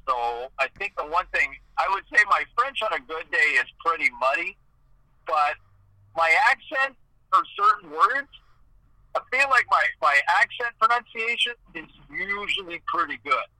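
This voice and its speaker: A man from Eastern Ontario chats loosely and keeps restarting his sentences. His voice is very bright and a little high, and the sound is close and dry. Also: no echo, rough recording. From Eastern Ontario, Canada. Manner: animated storytelling, many "like"s and restarts. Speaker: hockey video game commentator. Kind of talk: casual podcast chat.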